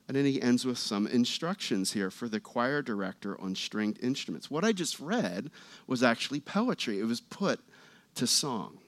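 A man preaching a sermon in a church, talking conversationally and getting louder and more animated as he reads scripture. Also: mid-range voice, normal speed, no room sound. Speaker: pastor.

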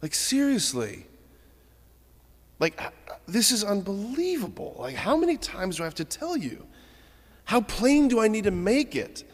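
A man voicing an exasperated man who sarcastically scolds his slow followers, in a long-reverb church. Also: high-pitched, very animated, voice pushed up, exaggerated voice.

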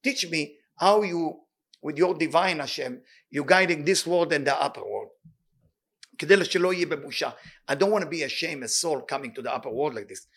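Excitable and animated, a man teaching a weekly Torah class rattles off Hebrew and then renders it in everyday language. His voice sits a little high and is slightly rough.

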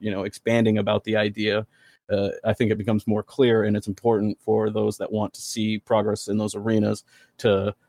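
An earnest man talking on a podcast, his low voice gravelly with fry. He keeps a flat, even tone and stops and restarts often. The sound is dry and close. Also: dry recording. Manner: earnest, halting with many fillers and restarts. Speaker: podcast guest. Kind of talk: casual podcast discussion.

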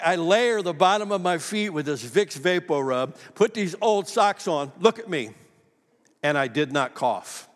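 A middle-aged man preaching from the pulpit, his voice riding high and carrying through the long reverb of a church sanctuary. He tells his story folksily, pokes fun at himself and slips into the voices of the people he quotes, still nursing a lingering cough. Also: a bit bright. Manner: folksy, self-deprecating, acts out quoted dialogue. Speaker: pastor. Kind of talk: sermon with personal storytelling.

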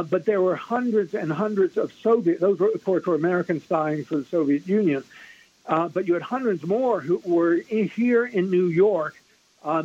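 Male author guest, slightly high voice, fast and emphatic, heard over dull radio audio. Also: darkish tone. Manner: fast, restarts a lot, emphatic. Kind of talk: radio interview. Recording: muffled lo-fi radio broadcast.

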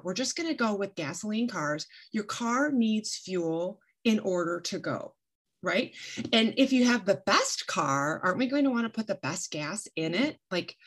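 Woman teaching a nutrition webinar. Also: mid-range voice. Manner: explains with everyday analogies and props; conversational, uses "like" and "right?". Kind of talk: educational webinar talk.

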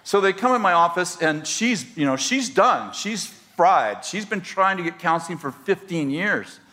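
A man with a high, bright, ringing voice delivering a humorous sermon. He speaks as a pastor and marriage counselor, telling animated stories and playing the people in them. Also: normal speed, a little hiss or hum. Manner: storytelling, animated, acts out quoted people.

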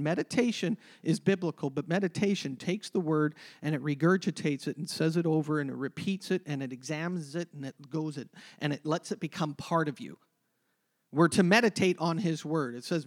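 A man preaching a sermon, emphatic, moving between loud passages and hushed ones. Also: a little high, brisk. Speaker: pastor.

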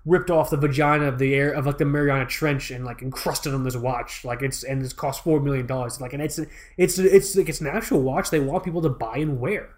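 A man's voice: mid-range voice, steady tone, brisk, few pauses. A man co-hosting a podcast in casual chat. He rambles with enthusiasm, restarts his sentences and swears freely. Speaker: podcast co-host.

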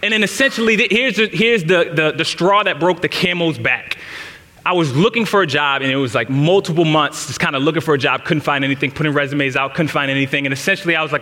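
A man in his thirties preaches, his fairly high voice bright and forceful. He tells a candid personal story and speaks straight to his listeners, while a long reverb hangs in the large hall. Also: quick pace. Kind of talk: sermon told as personal story.

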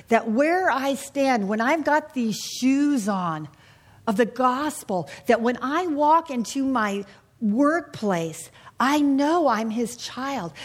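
Middle-aged woman, Bible class teacher, earnest, chatty, voice on the higher side. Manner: earnest and confiding, asks the room questions. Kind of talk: informal Bible teaching to a group.

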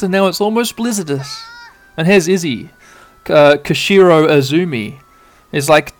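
A man's voice: a little high, unhurried, faint music behind. Man casually narrating a game. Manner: relaxed, rambling, with filler ums. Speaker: podcast host.

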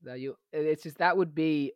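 A man co-hosting a comedy podcast, quick with quips and laughing often. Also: on the high side, clean tone, dry recording. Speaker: podcast co-host.

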